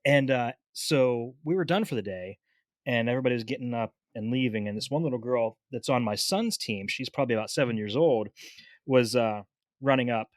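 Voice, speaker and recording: A man's voice: mid-range voice, brisk, dry recording, studio quality. A man in his thirties, co-hosting a podcast, telling a casual story and stumbling over his words a little. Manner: relaxed storyteller, repeats words as he talks. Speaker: podcast co-host. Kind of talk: casual chat.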